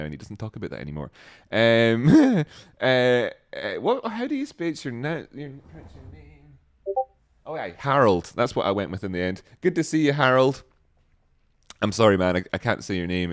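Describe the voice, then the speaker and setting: A man hosting a livestream, chatting casually and reading out viewer comments with jokes and sudden excited exclamations. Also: medium pitch, no echo, studio quality. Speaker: livestream host.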